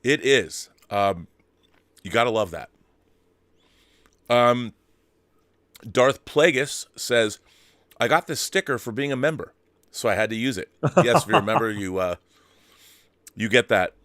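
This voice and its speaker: A man's voice: medium pitch, animated, a little slow, long pauses, fairly bright tone, dry recording, studio quality. A man hosting a live stream, chatty and joking as he reads out viewer messages. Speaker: host. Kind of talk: casual live-stream chat.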